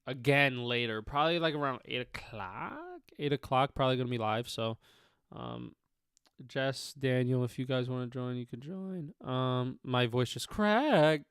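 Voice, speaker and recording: Male sports streamer, casual and profane, smooth clear voice in a dry small room. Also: medium pitch, animated, moderate pace, fairly bright tone, no room sound. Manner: rambling, profane, many fillers. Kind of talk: casual live-stream chat.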